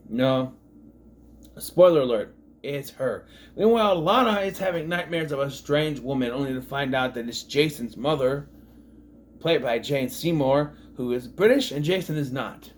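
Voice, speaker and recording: A man's voice: fairly high pitch, expressive, moderate pace, a little hiss or hum. A man in his thirties giving a casual episode recap, rambling and sarcastic, full of fillers and asides. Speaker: TV show reviewer.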